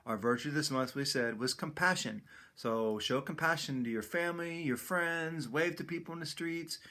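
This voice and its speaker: Relaxed friendly man making announcements. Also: a little high, normal speed. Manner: relaxed and friendly, with fillers and restarts. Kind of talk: casual morning announcements.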